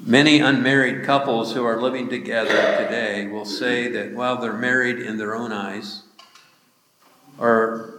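Male pastor, sermon, unhurried and deliberate, long hall reverb. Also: mid-range voice, fairly bright tone, a little hiss or hum. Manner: slow, deliberate preaching with emphatic rises. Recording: echoey hall.

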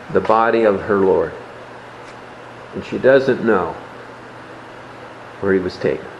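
A man preaching a sermon, explaining a Bible passage in a measured way and dropping his voice softly on key words. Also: mid-range voice, roomy sound, a little hiss or hum, rough recording.

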